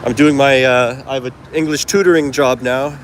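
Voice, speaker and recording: A man's voice: medium pitch, steady tone, normal speed. Chatty man vlogging on a busy street. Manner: rambling, chatty, self-correcting asides. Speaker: travel vlogger. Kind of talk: casual walking vlog. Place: busy city street market outdoors. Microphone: handheld phone. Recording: street noise behind the voice. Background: traffic and street noise.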